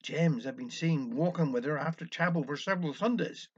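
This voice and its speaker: A man's voice: on the high side, brisk, breathy edge. A man with a Cornish accent telling a wry village dialect story. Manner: wry, anecdotal. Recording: dull lo-fi recording.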